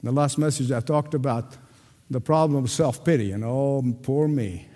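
A pastor preaching a sermon to a congregation, emphatic and insistent, often repeating a word for stress. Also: male voice, medium pitch, fairly quick, a little mellow. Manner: addresses the congregation directly. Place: church sanctuary before a congregation. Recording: long reverb of a large hall.

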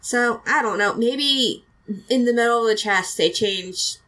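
A woman's voice: on the high side, a little slow, fairly bright tone, low-quality recording. A woman hosting a casual podcast, chatty and giggly, rambling through an episode recap with plenty of fillers. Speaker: podcast host.

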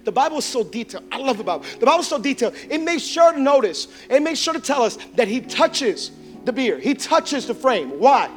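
A male pastor giving a sermon, swinging between impassioned shouts and hushed, intimate tones. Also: very high-pitched, very animated, brisk, faint music behind.

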